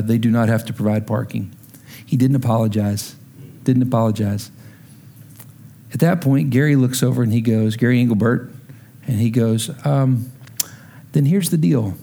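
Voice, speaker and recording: Delivering his sermon as pastor, a man with a medium-pitched voice narrates a story and performs the characters' dialogue. When the moment heats up, his voice climbs to shouting.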